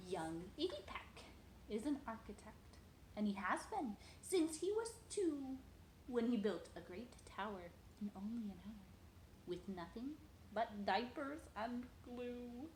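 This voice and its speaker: A woman's voice: on the high side, big pitch swings, slow, darkish tone, roomy sound, a little hiss or hum, rough recording. A woman reading a children's picture book aloud at home, sing-song and playful, talking to a toddler between pages.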